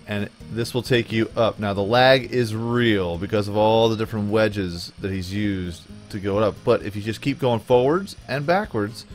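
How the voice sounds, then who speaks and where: A man casually commenting on his own gameplay video in a playful, goofy way, often chuckling. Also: lowish voice. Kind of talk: casual let's play commentary.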